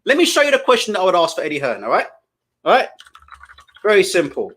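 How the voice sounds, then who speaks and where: Man, high voice, swooping pitch, indignant profane boxing rant. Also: huge pitch swings, fast talker, a bit bright. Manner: indignant, profane, repeats questions. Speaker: boxing commentator and host. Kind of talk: live commentary rant.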